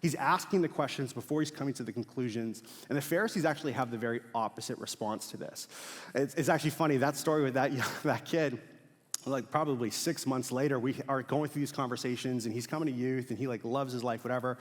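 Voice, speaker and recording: Casual young pastor in a reverberant hall. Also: male voice, mid-range voice, quick pace. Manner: casual, animated storytelling with fillers and laughs. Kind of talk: sermon with storytelling. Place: large church auditorium.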